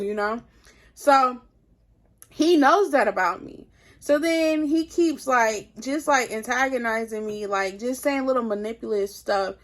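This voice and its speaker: A young woman vlogger telling a personal story in an animated, casual way, full of "like". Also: on the high side, a little slow. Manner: animated, heavy filler "like". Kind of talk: storytime vlog.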